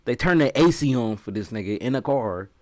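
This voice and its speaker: A man's voice: mid-range voice, animated, brisk, darkish tone. A man giving loose, profane reaction commentary on a video, full of slang and laughs. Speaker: reaction streamer.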